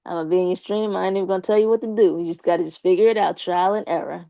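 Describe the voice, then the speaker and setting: A woman's voice: on the low side, fairly even intonation, rapid-fire, gravelly, mellow, no room sound, highs cut off. A young woman live streaming and chatting casually with her viewers, slangy and talkative, with a slight lisp from her braces. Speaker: live streamer talking to chat.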